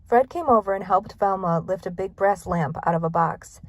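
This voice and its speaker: A woman's voice: lowish voice, normal speed, few pauses, dry recording. Woman reading a children's storybook. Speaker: narrator. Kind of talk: storybook read-aloud.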